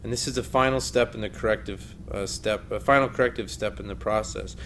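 A man's voice: on the low side, steady tone, a little fast, a bit bright, slight background noise. A man teaching a lesson on biblical counseling in an earnest, emphatic way, often quoting scripture. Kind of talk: recorded teaching lecture.

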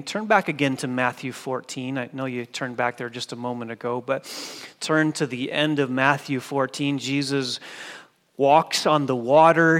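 A male pastor preaching a sermon with emphasis, dropping low and soft when he quotes scripture. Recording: long hall reverb.

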